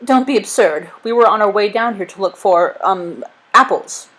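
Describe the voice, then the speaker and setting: A woman reading a storybook aloud, voicing a cowardly, sniveling male sailor who pleads in a high, whiny voice. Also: expressive, moderate pace, a bit bright, close to an everyday voice, poor audio. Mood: sly, flustered.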